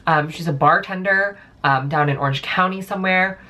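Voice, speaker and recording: A woman's voice: fairly low pitch, normal speed, sharp tone. A young woman telling a storytime vlog in a chatty, casual way, full of "like" and "um". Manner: chatty, filler-heavy, lots of "like". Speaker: vlogger.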